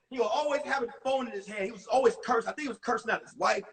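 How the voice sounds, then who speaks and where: A male comedian telling animated stories from high school in a one-man show on a livestream. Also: fast, few pauses, slightly rough. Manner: animated, acts out voices. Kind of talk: stand-up storytelling. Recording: distant mic on a phone livestream.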